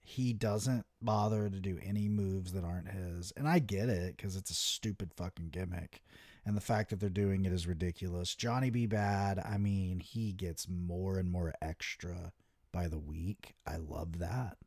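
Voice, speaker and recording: A man's voice: low-pitched, fairly even intonation, moderate pace, darkish tone, no room sound, studio quality. A man co-hosting a casual wrestling podcast, laid-back and sarcastic, often chiming in with short agreement. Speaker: podcast co-host.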